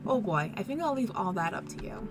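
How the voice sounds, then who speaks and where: A woman reading the lines of a gentle, doting middle-aged single father from a dating game, in her own mid-pitched voice. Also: sing-song, brisk, heavy background noise, lightly acted. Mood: gentle fatherly. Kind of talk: reading game dialogue aloud.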